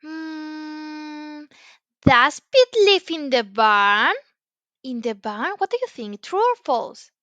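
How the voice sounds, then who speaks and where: A woman teaching a children's English lesson in a slow, exaggerated, encouraging sing-song way, with frequent praise. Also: sits high, very animated, pushed and bright, no room sound, highs cut off. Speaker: English teacher for young learners.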